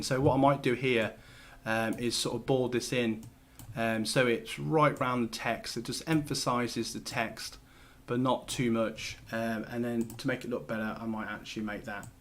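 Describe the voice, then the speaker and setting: A man's voice: medium pitch, fairly even intonation, normal speed. A man hosting a casual screen-share tutorial, talking loosely with lots of fillers and restarts as he works. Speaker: host.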